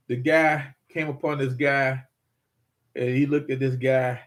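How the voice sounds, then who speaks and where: An older man hosting a prepper channel, talking casually to viewers in a rambling, folksy way with many repeats. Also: mid-range voice.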